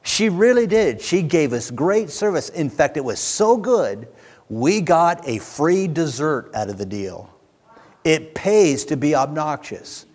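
A man's voice: on the high side, very animated, a little slow, a little mellow, in a large hall. A man preaching a sermon, moving from emphatic declarations to folksy asides to his congregation.

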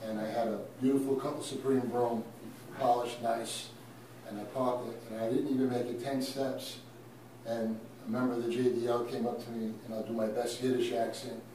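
A man from Brooklyn telling a story in an emphatic, punchy way, building to loud peaks. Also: medium pitch, little pitch movement, normal speed. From Brooklyn, New York. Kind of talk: animated storytelling. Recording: very echoey room, mic far off, faint noise.

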